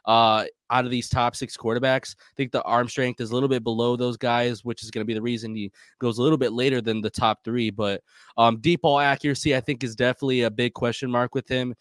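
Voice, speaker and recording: A man co-hosts a casual sports talk show, laying out his points in a steady, list-like way with plenty of small fillers. His voice sits at an ordinary middle pitch and comes across dry and close, with no room around it. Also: quick pace, dry recording. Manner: methodical, lists strengths and weaknesses. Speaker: co-host. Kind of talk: casual sports podcast discussion.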